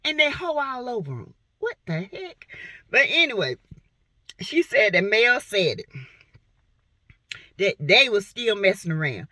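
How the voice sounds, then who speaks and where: Sassy, animated woman vlogger from South Carolina. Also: fairly high pitch, no echo. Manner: animated, blunt, sassy with playful drawn-out exclamations. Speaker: reality TV commentator vlogger. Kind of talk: sassy gossip commentary.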